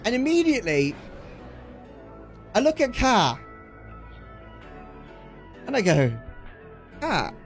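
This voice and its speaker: A young English man on a livestream, telling a story in an excitable way, swearing casually and acting out the quotes. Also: very high-pitched, takes it slowly, long pauses, soft background music. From England. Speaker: streamer.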